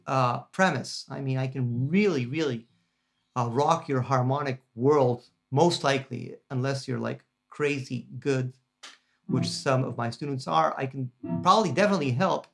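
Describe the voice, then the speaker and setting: A man's voice: on the high side, gravelly. A man teaching guitar harmony in a casual, chatty lesson, enthusiastic and full of fillers and restarts. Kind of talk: casual lesson demonstrating a practice app.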